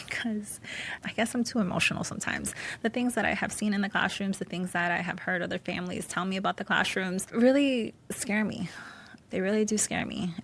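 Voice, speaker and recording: Earnest woman podcast host, gravelly edge. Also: mid-range voice, a bit bright. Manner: earnest and emotional, speaks directly to parents. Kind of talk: personal solo podcast talk.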